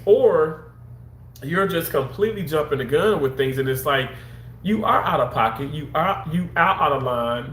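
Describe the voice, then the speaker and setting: A man's voice: on the high side, animated, moderate pace, a bit bright, roomy sound, a little hiss or hum. Rambling man chatting on a livestream. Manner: rambling, repetitive, talks straight to viewers. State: slightly under the weather. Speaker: livestream host. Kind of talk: casual livestream chat.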